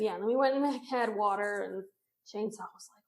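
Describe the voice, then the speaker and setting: Animated woman telling a story, laughing. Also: mid-range voice, fairly quick. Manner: animated, laughs often, many "like" fillers. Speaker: podcast guest, thru-hiker. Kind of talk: casual storytelling.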